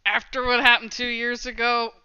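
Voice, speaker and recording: A woman playing a worn-down mechanic with a gang who talks bluntly and swears without a second thought. The voice is bright and smooth. It is recorded dry, with a slightly dull, lo-fi sound. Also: a little high, completely flat delivery, normal speed, no room sound, pitched above the performer's own voice. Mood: defensive. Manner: gruff, blunt, curses casually. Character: weary, guarded male gang mechanic.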